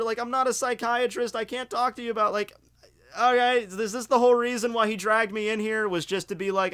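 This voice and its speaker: A man telling a story on his vlog in a rambling, profane, animated way. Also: extremely high pitch, a little fast.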